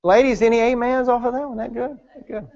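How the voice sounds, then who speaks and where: A man preaching at a marriage conference during a church service, animated and acting out the voices in his stories. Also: very high voice, a little fast, highs cut off. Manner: animated, acts out quoted voices. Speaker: pastor.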